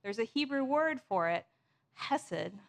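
A woman pastor preaching a sermon in a measured, storytelling way. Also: on the high side, lively intonation, gravelly.

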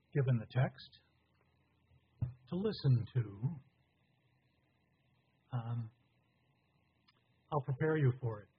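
An older pastor preaching a sermon in a halting, conversational way. His voice is husky and breathy, and the recording sounds dull and lo-fi. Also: mid-range voice.

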